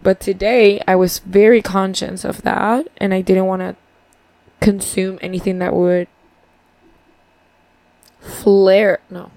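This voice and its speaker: A young woman from Paraguay records a casual video diary, speaking at an unhurried pace. Her talk is chatty and upbeat, and she swears freely. The sound is dry, with no room echo. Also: medium pitch, level tone, a little mellow. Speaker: vlogger.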